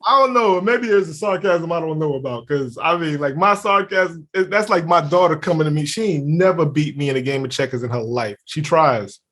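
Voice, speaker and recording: A young adult man co-hosting a podcast, chatting casually, laughing often and acting out quotes in an animated way. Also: on the high side, a little fast, few pauses. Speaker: podcast co-host. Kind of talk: casual chat.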